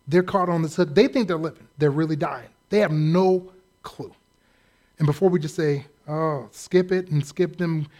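A man with a fairly high voice preaching a sermon. He talks loosely and conversationally, swings between quiet asides and loud bursts, and slips into quick mimicked voices to make his point. His tone is animated and jokey, but the delivery is still that of a pulpit message. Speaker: pastor.

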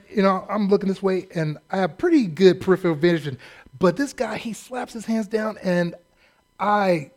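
Male preacher, higher pitch, story-driven comic sermon, loud drill-sergeant impressions. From California, US. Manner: self-deprecating, acts out shouted drill-staff voices.

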